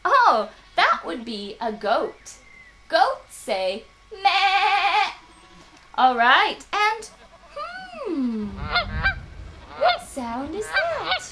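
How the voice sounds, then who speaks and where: A woman's voice: very high-pitched, huge pitch swings, extremely slow, pushed and bright, a little hiss or hum. A woman teaching English to children, patient and encouraging, with playful animal sounds. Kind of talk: children's ESL lesson.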